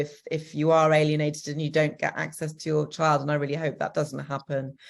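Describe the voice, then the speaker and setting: A woman with a Northern English accent, a co-parenting coach giving practical, encouraging advice in a Q&A, with frequent ums. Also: low-pitched. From Northern England. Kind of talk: answering a question in a Q&A.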